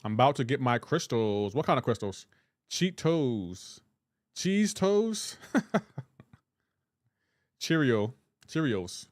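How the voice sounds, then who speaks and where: Man streaming a game, casual chat, joking, reads chat aloud, dry close mic, mid-pitched voice. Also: moderate pace, no room sound. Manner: chatty and joking, reads out chat names and comments; playful teasing about pronunciation.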